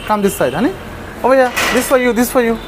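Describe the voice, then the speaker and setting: A man's voice: very high voice, expressive, fast talker. A man vlogging as he feeds stray dogs outside, coaxing them with affectionate baby talk and frequent laughs. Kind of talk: casual vlog talk to dogs. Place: outdoors, terrace and stairs in a city. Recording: noisy outdoor street recording.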